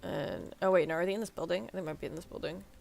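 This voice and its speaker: A woman's voice: fairly low pitch, fast, creaky, darkish tone, a little hiss or hum. A woman streaming a game, talking in a rambling, joking way with casual swearing. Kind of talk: casual gaming commentary.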